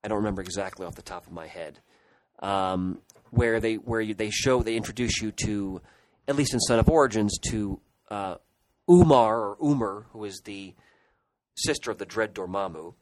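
A middle-aged podcast co-host wanders nostalgically through childhood memories in casual chat. His voice is lowish and steady at a normal speed, and the recording is dry and rough.

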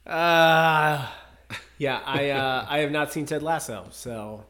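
A man co-hosting a casual podcast, guessing songs, animated and incredulous, laughing often. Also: a little high, slow pace, clear, resonant tone. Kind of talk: casual chat. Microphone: headphones and microphone.

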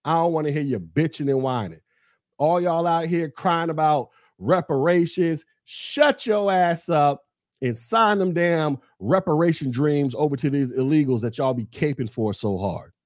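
A man's voice: on the high side, normal speed, no room sound, clean studio sound. A man from the United States hosting a podcast, ranting angrily about politics, heated and profane, mocking his listeners and repeating phrases for emphasis. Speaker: podcast host. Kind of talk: angry political rant.

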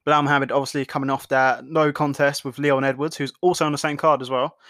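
A man's voice: medium pitch, little pitch movement, fast, a bit bright, no room sound, clean studio sound. A man hosting a podcast, recapping fights in casual, blunt talk full of swearing and fillers. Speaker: podcast host.

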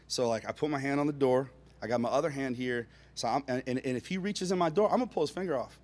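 A man telling a funny personal anecdote, expressive, dropping into hushed asides and rising to near-shouts, chuckling as he goes. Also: mid-range voice, fast talker. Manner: chuckles through his own story. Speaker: storyteller.

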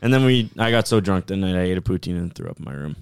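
A man's voice: sits low, racing, vocal fry, smooth. A man, co-hosting a podcast and telling stories in a casual, swear-filled, laughing way. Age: 20s. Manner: animated, laughing, swears a lot. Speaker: podcast co-host. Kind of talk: casual storytelling chat.

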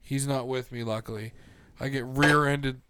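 A young man co-hosting a casual chat, telling loud, profane stories. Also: medium pitch, steady tone, moderate pace, noisy background. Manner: swearing, loud storytelling. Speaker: podcast co-host.

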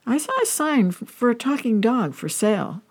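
A woman voicing an excitable ordinary man in a told joke. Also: fairly high pitch, normal speed, pitched above the performer's own voice. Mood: amazed. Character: amazed ordinary man, skeptical then excited.

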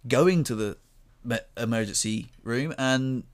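A man's voice: mid-range voice, unhurried. A man chatting on a podcast, spinning a long anecdote with lots of laughs and little acted-out bits of dialogue. He sounds loose and unscripted, with the odd swear word thrown in. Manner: animated storyteller, acts out quotes, laughs often, swears. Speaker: podcast co-host. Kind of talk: casual chat, telling a story.

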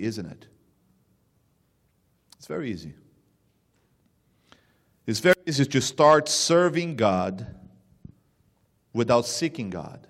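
Slow, emphatic preacher in an echoing church. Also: male voice. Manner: swings from loud emphatic bursts to hushed low lines. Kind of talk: sermon. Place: church sanctuary. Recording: long reverb of a church hall.

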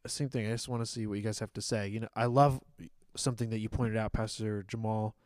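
A man's voice: on the low side, fairly even intonation, quick pace, darkish tone, no echo. A man in a casual church discussion, thinking aloud and restarting his sentences as he asks the pastors his questions. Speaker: church small-group member asking questions.

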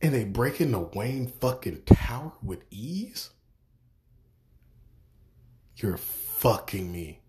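A man's voice: on the low side, sing-song, slow, long pauses, background noise. A young man hosting a podcast, ranting in exasperation with heavy swearing and repeated words. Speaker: podcast host. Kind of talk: profane ranting review.

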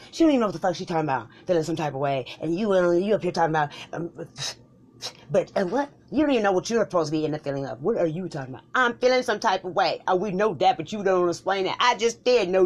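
Husky voice doing a solo couple-argument skit, lots of cussing and slang, mumbly asides. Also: mid-range voice, a little mellow. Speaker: comedic podcaster. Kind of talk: solo comedy skit voicing a bickering couple.

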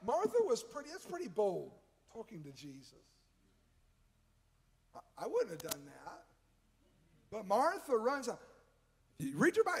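A man preaching as a guest evangelist at a church service, fervent and often shouting to the congregation. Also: very high-pitched, sing-song, unhurried, long pauses. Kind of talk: sermon.

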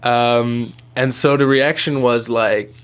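A man's voice: on the low side, fairly even intonation, moderate pace, a bit bright. A man interviewing a guest, speaking hesitantly with fillers. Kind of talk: conversational interview.

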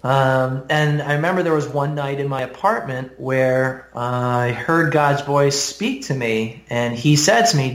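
A young man casually sharing his personal testimony, rambling with fillers, small laughs and throat clearing. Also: medium pitch, unhurried, few pauses. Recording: roomy echo.

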